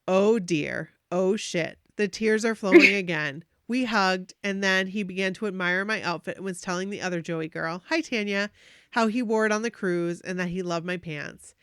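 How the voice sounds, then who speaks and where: A woman podcast host reading a listener's fan story aloud, animated and gushing, with emotional asides. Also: medium pitch, normal speed, smooth, no echo, clean studio sound.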